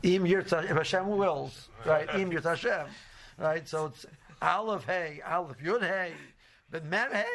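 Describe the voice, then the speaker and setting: A man's voice: a little high, moderate pace, creaky, a bit bright. A man giving an informal religious lecture as a Torah class teacher, rambling with many "you know"s and restarts and mixing Hebrew and Yiddish terms into his English.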